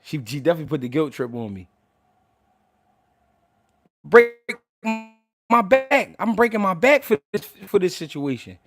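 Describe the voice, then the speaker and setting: A man's voice: on the high side, very animated, normal speed, long pauses, a bit bright. A man hosting a livestream, talking heatedly to his chat, stammering and repeating words as he restarts. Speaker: livestream host answering chat. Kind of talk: emotional unscripted livestream talk.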